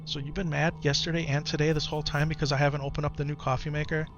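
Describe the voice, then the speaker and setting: Gentle soft-spoken American father. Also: on the high side, racing, lo-fi sound, over music. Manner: gentle and patient with his child, lively with chat. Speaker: streamer and father. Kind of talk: casual live-stream chat. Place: home.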